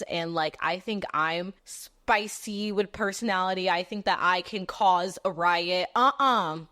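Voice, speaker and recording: A woman in her twenties hosting a podcast, telling personal stories in a candid, profane, animated way. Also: mid-range voice. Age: 20s. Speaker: podcast host. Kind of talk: casual storytelling monologue.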